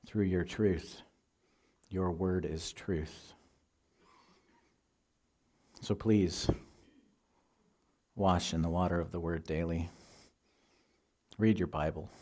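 Middle-aged male pastor, mellow and low-pitched; measured, earnest sermon delivery. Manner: earnest, measured teaching with scripture quotes. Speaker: preacher.

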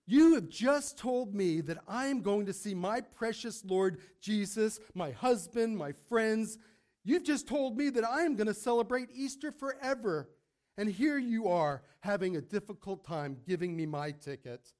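A preacher putting on a bright, cheerful old woman who gently scolds her doctor in a sermon story. She sounds higher and louder than the speaker's usual voice, and the lines come out slow and warmly insistent. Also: animated. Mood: scolding, joyful. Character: elderly devout woman, cheerful and unshakable.

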